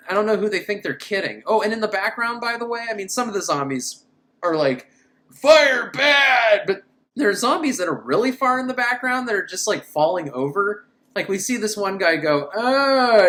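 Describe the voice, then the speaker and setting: A woman's voice: on the low side, a bit bright. Sarcastic woman recapping a film. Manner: sarcastic, incredulous. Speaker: film reviewer. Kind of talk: comedic movie recap.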